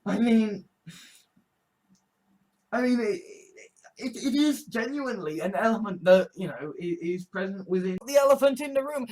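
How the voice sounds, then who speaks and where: A woman's voice: a little high, normal speed. A woman with a British accent, preaching a heated, sarcastic sermon and mocking her opponents. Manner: sarcastic, heated, mocks opponents in shouted mimicry. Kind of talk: impassioned sermon rant.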